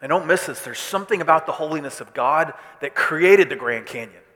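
A male pastor from Missouri preaching a sermon with animated delivery, swinging between loud declarations and hushed asides. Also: on the high side, fairly quick. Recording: reverb of a large hall.

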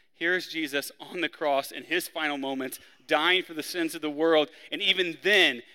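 Bright preaching man in a reverberant hall. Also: smooth. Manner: preaching, acts out the criminals' lines with rising pitch and force. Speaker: pastor. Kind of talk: sermon.

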